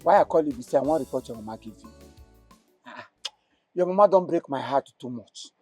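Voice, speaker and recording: A man with a Nigerian accent acting a blind father in a comedy skit, loud and scolding. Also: mid-range voice, animated, brisk, slightly rough, faint music behind.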